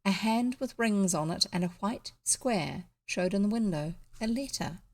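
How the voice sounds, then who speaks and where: A woman with a New Zealand accent reading a classic children's novel aloud in a relaxed way, with small asides and restarts. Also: medium pitch, a little slow. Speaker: audiobook reader.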